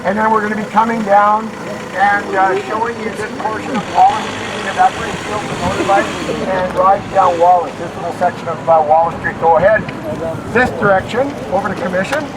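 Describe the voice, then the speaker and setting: A man's voice: high-pitched, steady tone, a little fast, far from the mic, very noisy. A middle-aged man leading a walking tour outdoors, telling anecdotes in a rambling way with many fillers and restarts. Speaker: tour guide. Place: outdoors on a town street.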